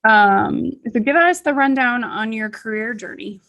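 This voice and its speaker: A woman's voice: on the high side, unhurried, a bit bright. A woman hosting a podcast, chatty and upbeat, with many fillers between her questions. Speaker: podcast host, CPA.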